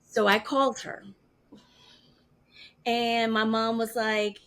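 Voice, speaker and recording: A woman's voice: a little high, measured pace, creaky. A woman in her fifties, an interview guest telling a personal story and acting out the voices of the people she quotes. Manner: animated, acts out quoted voices.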